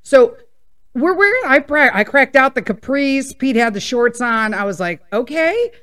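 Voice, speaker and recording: A woman, hosting a casual personal podcast chat, rambling and laughing and sometimes getting loud. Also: high-pitched, animated, moderate pace. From Midwest US. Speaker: podcast host.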